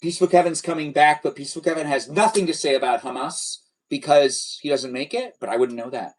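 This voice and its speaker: A man's voice: a little high, fairly quick. A man hosting a casual live stream, chatty and welcoming, rambling a little as he talks with guests. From Armenian heritage.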